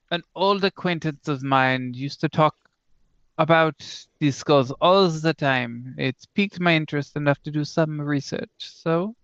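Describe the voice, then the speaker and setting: A man voicing a smooth, sinister male tower patron who sips wine, speaking with a halting put-on accent. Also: medium pitch, a bit bright, dry recording, dull audio.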